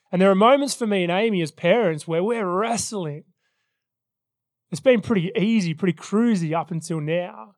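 Earnest high-voiced male pastor preaching. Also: no room sound, studio quality. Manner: earnest, personal storytelling. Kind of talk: sermon. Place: church service.

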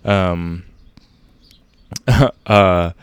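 A man co-hosting a casual book discussion, talking in a relaxed, conversational way. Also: low-pitched, extremely slow, clear, resonant tone, dry recording. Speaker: podcast co-host.

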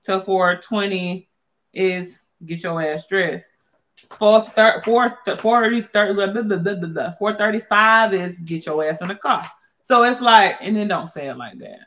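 Give me a bright, brassy woman host cracking jokes in salty slang. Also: mid-range voice, a little slow, dull audio. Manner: blunt, playful, salty slang. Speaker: podcast host and wellness coach. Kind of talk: casual chat.

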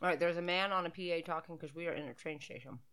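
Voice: medium pitch, fast talker, sharp tone. Joking podcast co-host watching a movie. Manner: joking, sarcastic, laughs often. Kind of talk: casual movie-watching chat.

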